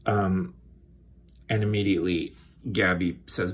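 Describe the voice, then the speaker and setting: A man's voice: low voice, measured pace. A man hosting a comedy show, reading a children's book aloud with dry, sardonic asides.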